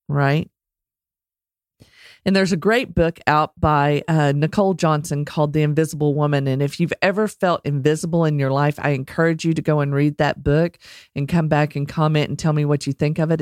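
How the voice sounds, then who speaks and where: A woman's voice: deep voice, no echo, clean studio sound. Chatty Texan woman podcast host. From Texas. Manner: chatty and candid, self-deprecating. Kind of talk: casual solo podcast talk.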